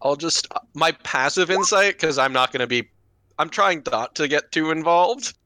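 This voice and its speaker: A man playing a tabletop game, speaking slowly and haltingly with many restarts. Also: fairly high pitch, lively intonation, sharp tone, dry recording. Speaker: player. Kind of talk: casual tabletop game talk.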